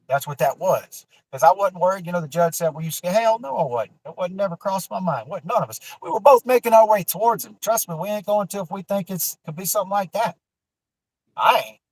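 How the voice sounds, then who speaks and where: Swearing freely and circling back with fillers and restarts, a man rambles through a long personal story as a guest. His voice runs a little high, and the low-quality recording is close and dry, without any room sound.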